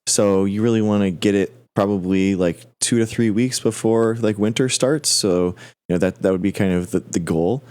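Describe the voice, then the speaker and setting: Male host, very low voice, hesitant answers full of restarts. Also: normal speed, a little mellow. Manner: hesitant, many restarts and fillers. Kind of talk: live-stream science Q&A.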